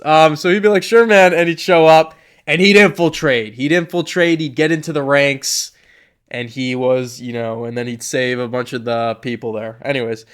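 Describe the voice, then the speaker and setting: A young man talks through a tier list in a loose, joking way. His voice sits a bit high, and he rambles, restarts and laughs at his own lines. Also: a bit bright. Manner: rambling, jokey, self-interrupting. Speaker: commentator. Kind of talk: casual tier-list commentary.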